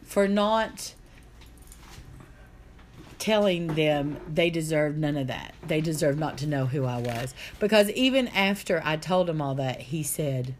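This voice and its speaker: A woman's voice: low voice, animated, unhurried, few pauses, a little hiss or hum. A middle-aged woman, telling a painful story in an earnest, aggrieved way. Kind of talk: casual chat.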